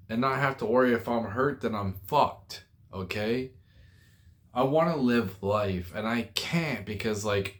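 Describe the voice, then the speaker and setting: Fed-up man ranting, low voice. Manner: profane, frustrated, halting with restarts. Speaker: forklift driver venting online. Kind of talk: angry rant to camera.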